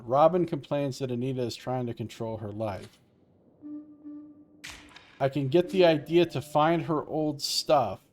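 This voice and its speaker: A man's voice: mid-range voice, a little mellow. A man commentating live on a video game he is playing, chatty and musing as he talks through what happens. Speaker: let's play commentator. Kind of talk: live-streamed gameplay commentary.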